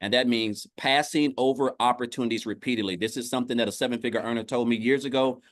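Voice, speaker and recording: A man's voice: mid-range voice, steady tone, fast talker, no echo, clean studio sound. A man from Tennessee, speaking as a guest on a livestream video call in an upbeat, casual testimonial style. He keeps saying "guys" and often restarts his phrases. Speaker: guest on an online business livestream.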